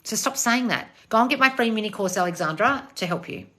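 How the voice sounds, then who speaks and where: Woman livestream host, bright forceful voice, blunt, sweary, calls everyone darling, squeals hellos to viewers. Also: expressive, fairly quick. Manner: high squeals when greeting viewers. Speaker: manifestation coach hosting a livestream. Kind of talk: casual livestream Q&A, reading out comments.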